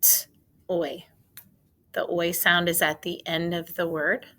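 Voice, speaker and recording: A woman teacher giving a phonics spelling lesson for young children, sounding out each word slowly and deliberately. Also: lowish voice, little pitch movement, pushed and bright. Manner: slow, deliberate, sounding out words. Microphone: recorded for a video lesson.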